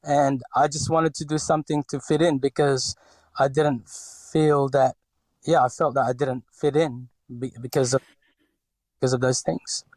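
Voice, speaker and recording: A man's voice: medium pitch, fairly even intonation, normal speed, a little mellow, dry recording. A man in his forties from the Philippines with a light Filipino accent, talking as a podcast guest in a hesitant way with many fillers and restarts. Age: 40s. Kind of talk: podcast interview.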